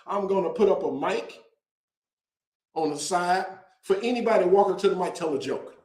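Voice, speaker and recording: A man hosting a casual show, talking to viewers in an animated, joking way and drawing out words for emphasis. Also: sits high, moderate pace, reverberant, rough recording. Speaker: host. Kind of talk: casual direct-to-camera promo talk.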